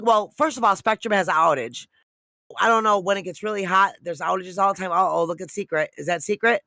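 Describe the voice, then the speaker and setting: A woman's voice: medium pitch, fairly quick, creaky, sharp tone, dry recording, studio quality. A woman hosting a casual livestream chat with viewers, frustrated and swearing, trailing off mid-thought as she talks to the chat. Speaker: livestream host.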